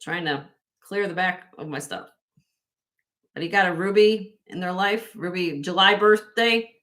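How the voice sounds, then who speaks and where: A woman's voice: lowish voice, a little slow, a bit bright. A woman hosting a casual live-stream jewelry sale, chatty and self-correcting, laughing often as she shows pieces to viewers.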